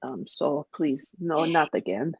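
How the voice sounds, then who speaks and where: Woman doing a gruff Siberian gulag survivor. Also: sits low, takes it slowly, no echo, lo-fi sound, exaggerated voice. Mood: aggrieved. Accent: put-on Russian. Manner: broken English, deadpan complaints. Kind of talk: live online improv comedy.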